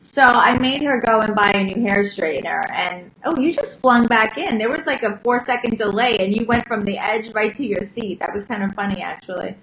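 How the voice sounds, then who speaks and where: A woman co-hosts a podcast in a loose, rambling way, restarting her sentences often. Her voice sits a little high. The room is echoey, with a faint hiss behind her. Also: a little fast, hardly any pauses, fairly bright tone. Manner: chatty, rambling, many restarts. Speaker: podcast co-host. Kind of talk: casual chat.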